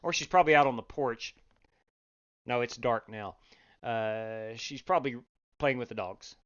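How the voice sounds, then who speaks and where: A man hosting a sim racing league live stream, chatting casually, reading out chat and breaking into loud exclamations. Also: mid-range voice, moderate pace, highs cut off. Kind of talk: live-stream race commentary.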